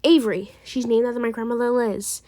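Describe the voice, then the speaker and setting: A woman's voice: a little high, fairly even intonation, brisk, mellow, close to an everyday voice. Woman playing a rambling young wife. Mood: explaining. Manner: rambling, trailing off, self-correcting. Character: young wife and new mother, anxious. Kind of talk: amateur role-play drama.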